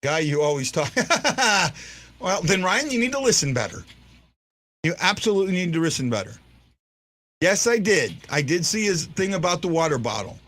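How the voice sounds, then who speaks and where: A man hosts a casual fan stream, talking in a rambling, chatty way and teasing his viewers. His slightly high voice swings up and down with a lot of life. The sound is dry, with no room echo. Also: very animated, moderate pace, fairly bright tone. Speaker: fan podcast host. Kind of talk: casual live-stream commentary.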